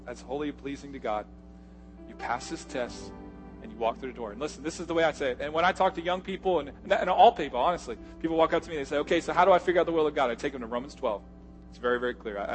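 A male pastor preaching a sermon, swinging from loud, punchy lines to hushed, quiet asides. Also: medium pitch.

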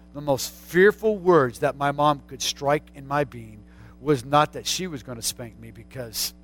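A middle-aged male pastor preaching a sermon, calling out to the congregation and rising to shouts. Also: fairly high pitch.

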